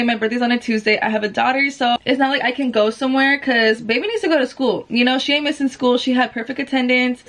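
A woman in her twenties chatting casually at home in a vlog, full of "like" fillers. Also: high voice. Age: 20s. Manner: talking softly so as not to wake someone. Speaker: vlogger.

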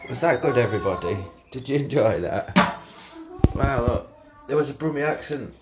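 A man's voice: medium pitch, animated, normal speed. A laid-back man talks in a dry, easy way, chuckling as he goes. Heavy noise sits behind his voice throughout. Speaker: ghost hunter. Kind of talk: casual chat. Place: old chapel building at night. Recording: loud background noise.

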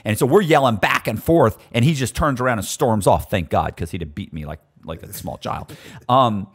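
A middle-aged guest storyteller with a fairly low voice casually recounts prison stories at a normal speed, swearing freely and laughing often. He animatedly acts out what other people said, and the audio is slightly rough.

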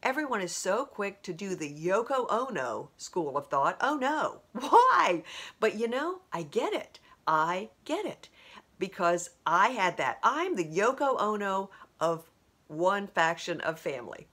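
A woman's voice: medium pitch, big pitch swings, a little slow, a bit bright, slightly rough. A woman in her sixties hosting a podcast, talking in a chatty, rambling monologue full of asides and laughs. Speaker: podcast host. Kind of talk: casual monologue.

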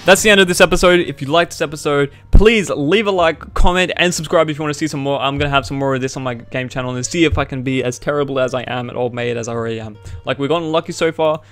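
Excitable young man doing game commentary. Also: a little high, fast talker, hardly any pauses, faint music behind. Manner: excitable, swears freely, talks to viewers. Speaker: gaming YouTuber. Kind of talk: let's play commentary.

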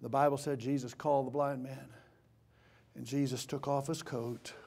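A man preaching a sermon in a church, swinging from impassioned shouting to hushed tones. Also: mid-range voice, flat delivery, normal speed, gravelly, breathy edge. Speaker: pastor.

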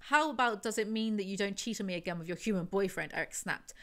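A woman's voice: medium pitch, quick pace. A woman reads passages from a novel aloud and breaks off into sarcastic, exaggerated asides as a book reviewer. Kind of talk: reading aloud and commenting on a novel.

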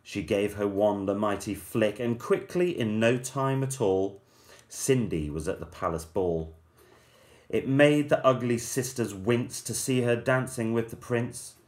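A male teacher reading a rhyming story aloud to children in a measured, playful storyteller's manner. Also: fairly low pitch, expressive, darkish tone.

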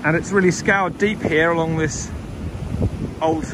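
A man giving a relaxed, explanatory walking commentary while fossil hunting outdoors on a beach. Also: fairly high pitch, a little slow. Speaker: fossil hunter vlogger. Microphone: camera mic, wind noise. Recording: wind noise on an outdoor mic.

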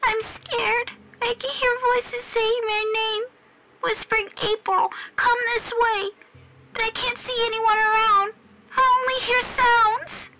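A woman's voice: very high-pitched, gravelly, sharp tone, a little hiss or hum, heavily acted, low-quality recording. A lost little ghost girl. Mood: scared. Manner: slow, small childlike voice. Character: lost, frightened three-year-old ghost girl. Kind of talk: horror story voice acting.

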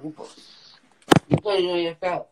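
A man's voice: high-pitched, fairly even intonation, moderate pace, very noisy. A man, teasing and needling a friend in casual banter at home. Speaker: vlogger.

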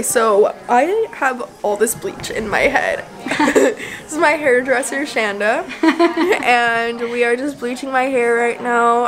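A woman's voice: fairly high pitch, fairly bright tone. A young woman, chatting casually to camera in a bubbly, giggly way. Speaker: vlogger. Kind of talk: casual vlog chat.

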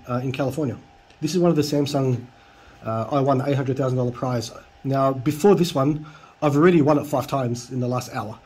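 A man's voice: medium pitch, a little mellow, husky. A man reading out chat logs with dry, mocking comedic commentary. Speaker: video creator.

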